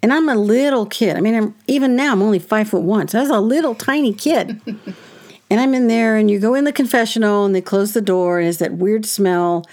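Indignant woman telling a childhood story. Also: mid-range voice. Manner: animated, indignant, with wry laughs and quoted voices. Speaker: guest telling a personal story. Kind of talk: conversational storytelling.

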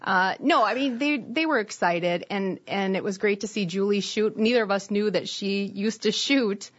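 A woman with a Wisconsin accent joins a casual conversation, playful and animated and quick to laugh. Her voice sits in a middle pitch range, and the audio is dull and muffled. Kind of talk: casual chat.

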